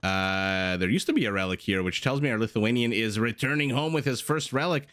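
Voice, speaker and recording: A married man casting a strategy video game match as a commentator, lively and jokey, with rambling asides and sudden gasps. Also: on the low side, fairly quick. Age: adult, married with a young child. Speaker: game caster. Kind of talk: esports commentary.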